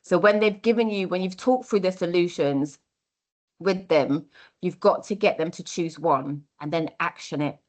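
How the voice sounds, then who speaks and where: A woman's voice: on the low side, moderate pace. A young adult woman giving a workshop talk, earnest and encouraging, repeating her key phrases. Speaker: workshop speaker on mentoring.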